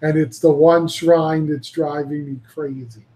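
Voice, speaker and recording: A man's voice: a little high, steady tone, unhurried, mellow, echoey room, a little hiss or hum, rough recording. A man hosting a casual panel chat, rambling and swearing freely as he talks and laughs easily. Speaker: podcast host.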